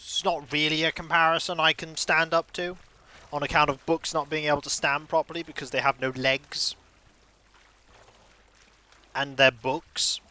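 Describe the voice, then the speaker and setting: A man's voice: on the high side, little pitch movement, normal speed, long pauses, sharp tone. A man streaming a video game, rambling through jokey, self-mocking asides. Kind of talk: casual gaming stream commentary.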